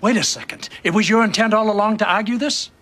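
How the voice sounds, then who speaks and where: A man's voice: high-pitched, fast talker, sharp tone. An actor playing a stern, commanding male judge in a TV legal drama. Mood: exasperated.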